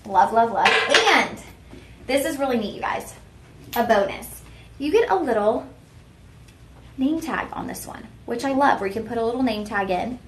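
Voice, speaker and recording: A young woman hosts a live shopping show in a chatty, self-teasing way, talking straight to her viewers. Her voice sits a little high. The studio sounds roomy, with a faint hiss underneath. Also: expressive, moderate pace, long pauses. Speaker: shopping channel host.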